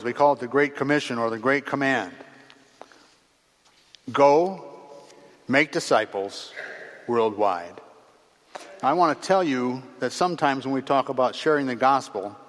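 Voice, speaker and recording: A man preaching a sermon in a measured, earnest way, pausing between phrases and letting his voice drop at the ends of sentences. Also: mid-range voice, a bit bright. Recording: long reverb of a large hall.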